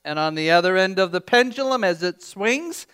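A man preaching to his congregation. His voice sits high for a man and rings smooth and clear. He talks in a loose, conversational way, restarting phrases and putting questions to his listeners. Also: animated, normal speed, bright, forceful tone. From Canada. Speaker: pastor. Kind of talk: sermon.

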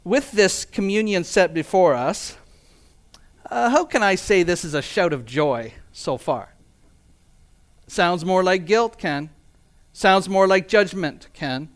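A male pastor delivers a sermon in a fairly high voice. He reads scripture and presses his points with earnest emphasis and rhetorical questions. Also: lively intonation, takes it slowly, pauses often. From Canada.

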